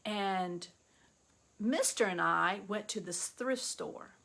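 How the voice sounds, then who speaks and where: Middle-aged woman, chatty excitable storyteller, gravelly voice for a casual vlog. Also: slow pace, a little hiss or hum. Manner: excitable, chatty storyteller with bursts of high-pitched delight. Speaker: vlogger showing yard sale finds.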